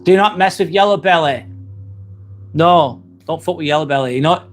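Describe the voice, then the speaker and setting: A man from England, his voice a touch high for a male, hosts a relaxed phone live stream. Rambling comfortably, he leans on ums, reads viewer messages aloud, and answers them with the odd casual curse.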